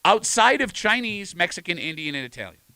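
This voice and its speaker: A man with a Rochester accent hosting talk radio in a studio, brisk and teasing as he leads the banter. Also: high voice, big pitch swings, pushed and bright, clear, resonant tone, no echo. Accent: Rochester, New York. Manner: brisk, teasing, leading questions. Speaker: radio host.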